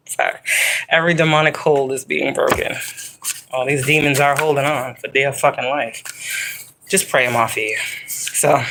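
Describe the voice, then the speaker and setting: A woman talks through a spiritual tarot reading in a bright, forceful voice. She rambles and swears freely. She stresses her points with loose, emphatic repetition. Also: rumbling low, slight background noise, rough recording. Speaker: psychic tarot reader. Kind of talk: casual spiritual reading to viewers.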